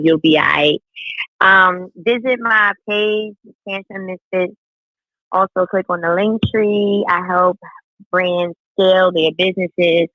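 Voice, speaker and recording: A man's voice: on the high side, pushed and bright, no room sound, poor audio. A man co-hosting a livestream chat, brash and teasing. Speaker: regular co-host.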